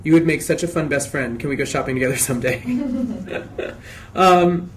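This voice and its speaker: A man in a casual live Q&A, reading fan questions aloud and answering in a chatty, expressive way, often restarting his sentences. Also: a little high, normal speed, slight background noise.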